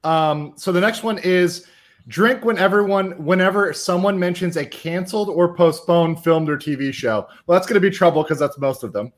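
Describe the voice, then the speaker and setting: A man's voice: sits high, moderate pace. A man co-hosting a casual group chat, teasing and joking as he reads out rules. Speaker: podcast co-host.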